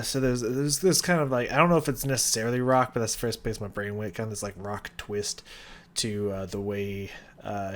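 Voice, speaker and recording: An excited young man talks through a song's vocals, humming out rhythms as he goes. His voice sits a little low, and he keeps it casual with plenty of fillers. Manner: enthusiastic, scats rhythms, many fillers. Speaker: music reaction host. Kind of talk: casual music analysis.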